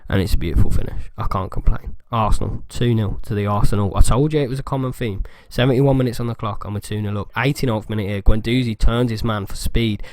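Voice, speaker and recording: A man giving excitable fan commentary over a football video game, close to his mic. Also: on the low side, fast, few pauses, no room sound. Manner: excitable fan banter, bursts of shouting. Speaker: gaming YouTuber. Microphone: close desk mic.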